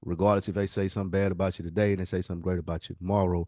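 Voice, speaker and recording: A man with a very deep voice talks quickly and earnestly on a podcast, recorded dry and close. His reflective answer builds through repeated phrases. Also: little pitch movement, mellow, no echo. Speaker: podcast co-host. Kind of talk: casual podcast talk.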